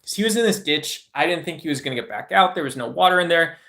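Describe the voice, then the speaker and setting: A man's voice: a little high, lively intonation, quick pace, creaky, sharp tone. A man streaming and talking to his chat in a loose, rambling way. He uses many filler words and keeps asking "right?". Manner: rambling, with frequent filler words and tag questions. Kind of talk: casual livestream talk to chat.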